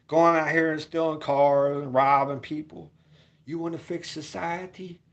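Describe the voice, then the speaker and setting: At home on camera, a man goes on a repetitive, meandering rant laced with curses, his volume lurching from shouts down to mumbles.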